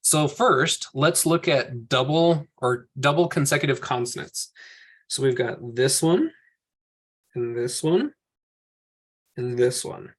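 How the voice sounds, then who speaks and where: Going through slides with his class, a man speaks in an ordinary mid-range voice, slowly and with frequent pauses. He patiently explains every example one step at a time, voicing his reasoning as he goes.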